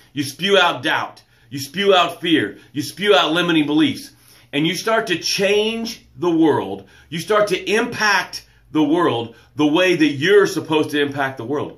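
A man hosting a live motivational show, energetic, greeting viewers by name and reading their comments aloud. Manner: drops soft and low to read quotes and breathing cues. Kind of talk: live-stream motivational talk.

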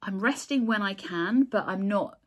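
Speaking at a normal pace in a mid-range voice, this vlogger from England talks casually to camera about her crochet designs. She's chatty and sincere, with soft laughs and restarts, and admits she's tired.

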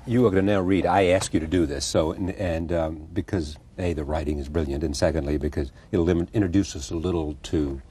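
A man's voice: sits low, steady tone, brisk, few pauses, dark tone, a little hiss or hum. A man interviewing, making a hesitant, polite request with false starts.

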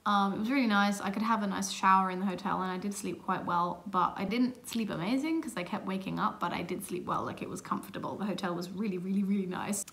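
A woman vlogger telling a travel mishap story in a casual, animated, exasperated way, laughing at herself. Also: medium pitch, fast talker, hardly any pauses. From England. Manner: animated, exasperated retelling with self-mocking laughs.

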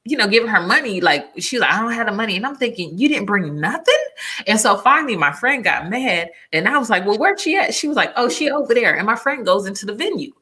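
A woman's voice: mid-range voice, fast talker, husky. A woman guest on a live talk show, telling a story in a casual, exasperated way and acting out what people said. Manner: expressive, acts out quotes, exasperated.

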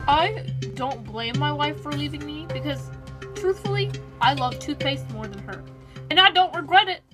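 A woman's voice: sits high, animated, normal speed. A young woman voicing a toy pet who plays a young husband obsessed with toothpaste, whiny and dramatic, in a toy role-play video. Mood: despairing. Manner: whiny, dramatic, prone to screaming outbursts. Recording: music playing underneath.

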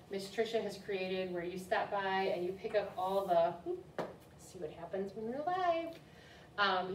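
A woman's voice: mid-range voice, a little hiss or hum. A woman children's librarian hosting a story time in an upbeat, chatty way, recorded in a library room. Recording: roomy room, distant mic, faint ambience.

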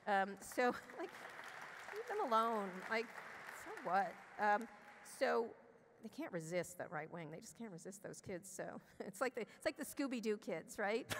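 A middle-aged woman telling a candid personal story as an interview guest on a conference stage, blunt and profane, restarting her sentences as she rushes ahead. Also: mid-range voice, very animated, fairly bright tone, a faint crowd, a little hiss or hum. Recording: long hall reverb.

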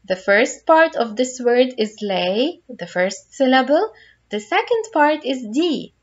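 A woman's voice: high voice, big pitch swings, slow, lo-fi sound. A woman teaching a phonics lesson to young children, patiently guiding them through each word step by step.

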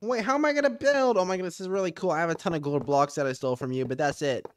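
A man playing himself in a Minecraft roleplay video, excitable and quick to exclaim. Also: on the high side, a little hiss or hum.

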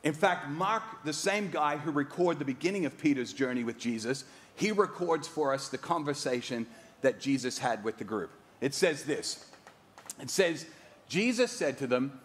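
Storytelling pastor, mixed Australian-American accent. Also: male voice, on the high side, animated, normal speed. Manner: storytelling, dramatic, acts out quotes. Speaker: guest pastor. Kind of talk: sermon.

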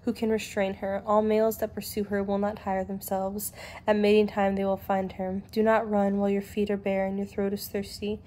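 A young woman reads scripture aloud at a steady, measured pace. Her voice is warm and mellow, and her pitch barely moves from line to line. She keeps an even, unhurried delivery throughout. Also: slight background noise. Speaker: Bible reader. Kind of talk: scripture reading.

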